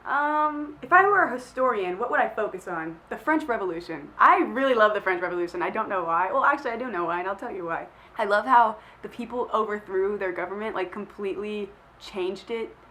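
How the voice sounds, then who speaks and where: A woman's voice: medium pitch, expressive, a little fast, hardly any pauses, pushed and bright, poor audio. A young woman who is feeling sick, chatting casually to camera as she answers questions in a rambling, self-deprecating way full of filler words. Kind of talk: casual chat.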